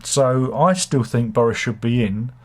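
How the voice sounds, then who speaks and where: A man hosts a relaxed live chat with a slight cold and a cough in his throat. He rambles, restarts his sentences and fills the gaps with ums. His pitch sits in the usual middle range for a man. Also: unhurried. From United Kingdom. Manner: rambling and hesitant, many fillers and restarts, jokey asides. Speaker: host of a live chat show. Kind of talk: casual opinionated chat, reading viewer comments.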